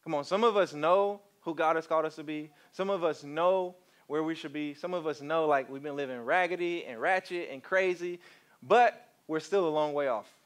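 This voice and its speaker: Man preaching, fairly high voice, animated storyteller who keeps coaxing the crowd. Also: moderate pace, clear, resonant tone. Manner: animated storytelling, coaxes the congregation. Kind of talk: sermon.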